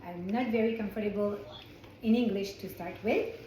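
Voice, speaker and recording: Teaching a Torah lesson to a small classroom group, a woman from France speaks with a French accent in a chatty, self-correcting style full of restarts. Her voice is medium-pitched and dark, at a normal speed. The room echoes, and there's a little hiss or hum.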